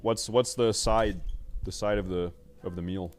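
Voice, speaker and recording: A man's voice: on the low side, fairly even intonation, a little slow. A young man chatting loosely and swearing while live-streaming a game, joking with his viewers. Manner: loud, joking, swears, rambles. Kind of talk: casual live-stream chat while gaming.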